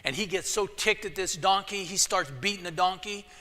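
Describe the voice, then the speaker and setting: A man's voice: sits high, normal speed, sharp tone. A male pastor preaching a sermon as casual, joking storytelling in a church. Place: church sanctuary. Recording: echoey church hall.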